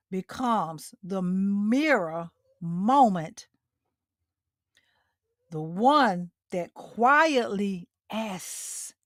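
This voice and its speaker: A woman's voice: a little high, fairly bright tone, no room sound, studio quality. A middle-aged woman hosting a motivational livestream talk, speaking directly to her listeners and repeating her key lines for emphasis. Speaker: host.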